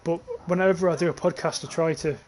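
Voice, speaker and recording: Here a young man streaming a shooter game talks fast in a fairly high, somewhat mellow voice with fairly even intonation. He rambles, swears, and laughs at the chat messages he reads aloud, with slight background noise.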